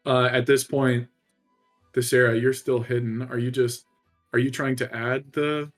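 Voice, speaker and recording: A man's voice: medium pitch, little pitch movement, measured pace, soft background music. A man running a tabletop game as dungeon master, talking casually with lots of fillers. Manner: casual, lots of "uh" and "like", laughs along.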